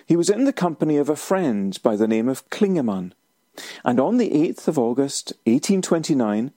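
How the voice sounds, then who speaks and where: A man's voice: medium pitch, no room sound, studio quality. A male presenter reading a scripted historical narration with wry, personal asides. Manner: wry, expressive storytelling.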